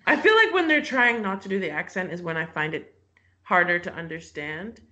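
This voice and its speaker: A woman's voice: fairly low pitch, fairly quick, muffled recording. A woman co-hosting a casual podcast, rambling with lots of "like.". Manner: lively, rambling, fillers like "like". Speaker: podcast co-host. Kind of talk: casual chat.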